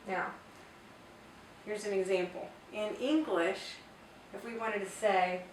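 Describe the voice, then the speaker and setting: Speaking slowly in a mid-range voice, a woman gives an explanatory Spanish grammar lesson in English. She patiently spells out examples, picked up by a distant mic in a roomy space with a faint hiss.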